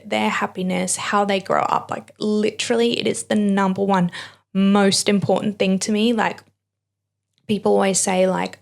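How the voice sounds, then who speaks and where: A woman's voice: medium pitch, gravelly. A young woman hosting a podcast, talking in an earnest, heartfelt monologue. She is emotional and close to tears, with plenty of "like" and "you know". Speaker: podcast host. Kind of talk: personal reflective monologue.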